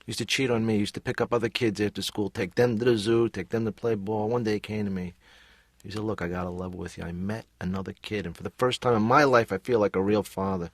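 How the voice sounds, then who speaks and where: A man's voice: on the low side, fairly even intonation, fast talker, dry recording. A man voicing a neurotic, needy cartoon therapy patient who rambles and complains in a self-pitying way. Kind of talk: animated sitcom voice acting.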